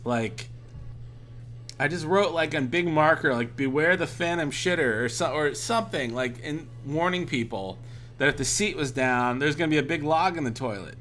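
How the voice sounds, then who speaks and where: A man's voice: a little high, normal speed, a bit bright. A man streaming while drinking, telling a rambling, profane anecdote in a casual way. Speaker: art streamer. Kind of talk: casual storytelling on a livestream.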